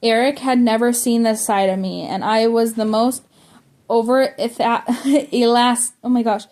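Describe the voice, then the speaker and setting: A woman's voice: fairly high pitch, steady tone, measured pace, darkish tone. A woman reading a memoir aloud, now and then tripping over words and starting them again. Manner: stumbles and restarts words while reading. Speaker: audiobook reader.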